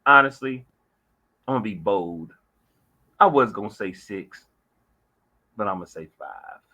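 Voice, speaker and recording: A man's voice: fairly low pitch, lively intonation, a little slow, bright, forceful tone. A man in casual sports talk, making bold picks and telling stories with a laugh. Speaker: podcast co-host.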